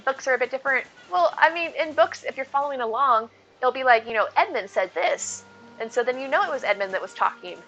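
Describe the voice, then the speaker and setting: A woman's voice: high voice, fast talker, lo-fi sound, faint music behind. An adult woman streaming a game, chatting casually and answering viewers. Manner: chatty, reads chat aloud, lively. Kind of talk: casual chat while gaming.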